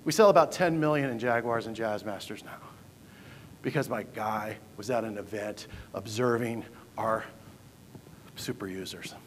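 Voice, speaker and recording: Speaking at normal speed in a voice on the low side, a man presents a keynote to a live audience in a large conference hall. He is joking and punchy and often quizzes the crowd. Slight background noise, distant hall reverb and faint ambience are audible.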